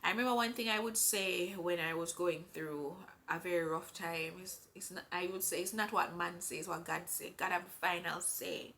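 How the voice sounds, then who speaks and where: A woman's voice: on the low side, steady tone, a bit bright, slight background noise. A pregnant woman with a Jamaican accent, talking earnestly and with strong faith in a personal vlog. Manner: earnest, faith-filled, unhurried. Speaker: vlogger. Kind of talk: heartfelt personal vlog talk.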